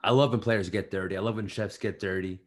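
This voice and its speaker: A young man co-hosting a podcast, joking around in casual chat and riffing bits with quick restarts. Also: lowish voice, steady tone. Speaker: podcast co-host.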